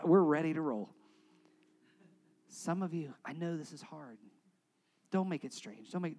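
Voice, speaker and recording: Guy pastor leading communion, kinda high voice, goes loud then real quiet. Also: rough recording. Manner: animated, direct, shifting from loud urging to quiet prayer.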